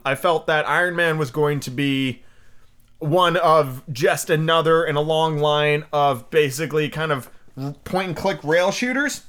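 A man's voice: on the high side, a bit bright, clear, resonant tone. A man hosting a podcast, chatting casually and reading a book aloud, with fillers and blunt asides. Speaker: podcast host. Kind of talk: casual chat and storybook reading.

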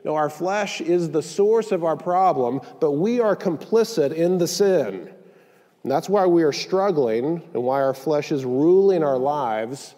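A man's voice: a little high, animated, a little slow, dark tone, in a large hall. A male pastor delivering a sermon in a conversational style, mixing in joking asides, recorded in a church sanctuary.

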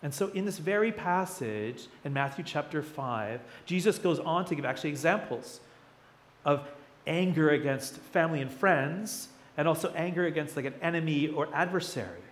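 A man's voice: a little high, normal speed. A man in his thirties preaching a sermon as a pastor, conversational and chatty, with playful asides.

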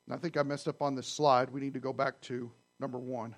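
A man preaching a sermon to his congregation, conversational and animated, often asking the audience questions. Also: medium pitch, brisk. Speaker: pastor. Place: church sanctuary.

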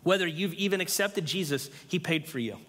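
Male pastor, fervent sermon delivery, slightly high voice, long church-hall reverb. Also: a little fast, fairly bright tone. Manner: impassioned, emphatic preaching.

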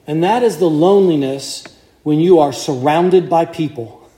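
A man's voice: a little high, moderate pace, mellow, reverberant. A man preaching a sermon to a congregation in a conversational way, putting questions to his listeners. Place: church.

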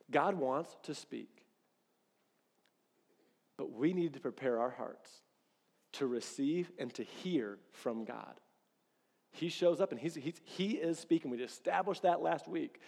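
Animated pastor preaching in a reverberant hall. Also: male voice, a little high. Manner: animated storytelling, acts out quoted dialogue. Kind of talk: sermon.

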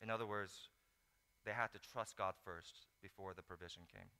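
Man, pastor, sermon, bright forceful voice, smooth, echoing hall. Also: deep voice, moderate pace. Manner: animated storytelling, acts out disciples in mock voices. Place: large hall. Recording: echoey hall.

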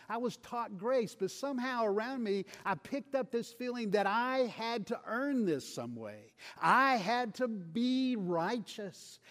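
A man delivers a sermon at a deliberate, unhurried pace, his voice sitting slightly high. He is earnest and lets his voice sink soft and low when he quotes scripture. A long reverb from a large hall trails each phrase. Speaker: preacher.

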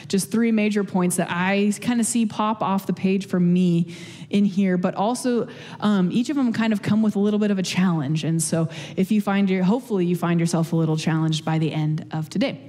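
Mellow-voiced woman preaching in a hall. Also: mid-range voice, a little fast. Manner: chatty, many fillers and restarts, light laughs. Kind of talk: casual sermon.

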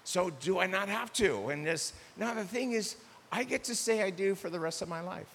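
An older man delivers a lively sermon, his voice sitting a little high for a man. He jumps into small acted-out exchanges, and a long reverb and a faint hiss trail behind every phrase. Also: moderate pace, creaky. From United States. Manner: animated, acts out dialogue in shifting voices. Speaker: pastor.

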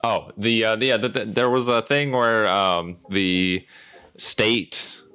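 Deep-voiced man recapping hesitantly. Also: fairly even intonation, takes it slowly, bright, forceful tone, clear, resonant tone. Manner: hesitant, lots of fillers. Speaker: podcast co-host. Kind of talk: casual chat.

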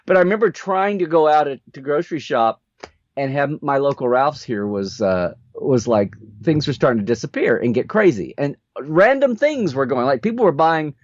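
A man's voice: fairly high pitch, moderate pace, no room sound. A man co-hosting a podcast, telling a story in casual chat and acting out the people in it. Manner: animated storyteller who acts out the people in his stories. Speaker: podcast co-host. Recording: dull dry lo-fi sound.

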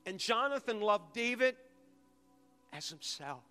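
A male pastor delivers a sermon in a high, bright voice, pressing his congregation to answer him aloud. His words ring out with a long echo across a large auditorium. He rises in fervor as he speaks. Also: expressive, a little slow, clean tone, soft background music. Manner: preaching with rising intensity, calling on the audience.

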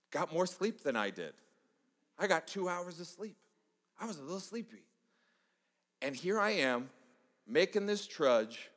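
A man preaching a sermon, telling a personal story in an animated way that swings between soft and loud. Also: fairly high pitch. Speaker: pastor. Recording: long hall reverb.

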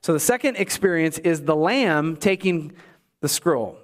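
A man preaching a sermon in church, swinging between emphatic highs and low asides, with joking remarks to the congregation. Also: expressive, measured pace. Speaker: pastor.

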